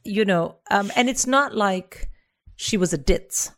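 A woman's voice: medium pitch, slow pace, fairly bright tone. A woman comedian guesting on a podcast, talking frankly with wry asides and blunt swearing. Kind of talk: casual chat.

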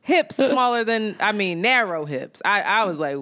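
A woman co-hosting a podcast, telling a dating story in casual, animated chat, swearing and acting out what people said. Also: mid-range voice, moderate pace. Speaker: podcast co-host. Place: New York.

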